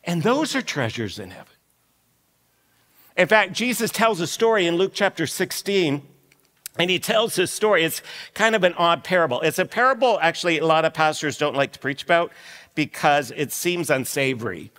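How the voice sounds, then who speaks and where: A man preaching a sermon as lead pastor in an animated, conversational storytelling way. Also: on the high side, moderate pace. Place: church sanctuary. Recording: long reverb of a church hall.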